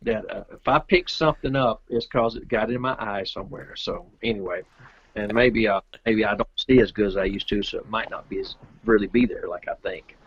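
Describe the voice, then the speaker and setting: Husky man telling a story. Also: on the low side, brisk, no echo, highs cut off. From Georgia, USA. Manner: rambling, animated anecdote telling. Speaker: guest, pro pool player. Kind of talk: casual storytelling interview.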